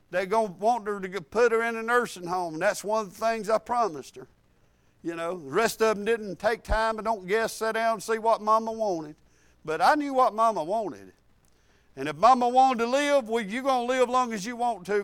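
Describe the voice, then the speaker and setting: A male preacher, delivering a sermon with repeated emphatic phrases and quiet, confiding asides. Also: high voice, normal speed, smooth, no room sound.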